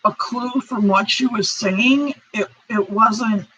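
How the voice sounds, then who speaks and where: Speaking slowly in a slightly rough, a bit bright voice on the high side, an American woman hosts a casual crochet stream. She rambles apologetically and reads chat comments aloud over dull, lo-fi stream audio.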